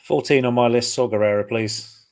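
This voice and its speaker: A man giving his picks in a casual panel chat over a video call, thinking aloud in a measured way. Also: mid-range voice, steady tone, darkish tone. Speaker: panel guest.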